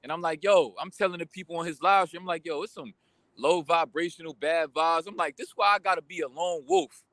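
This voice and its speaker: Animated young man venting a story. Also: fairly high pitch, dry recording. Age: young adult. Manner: animated, slangy, venting with quick asides. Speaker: vlogger. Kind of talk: casual storytime rant.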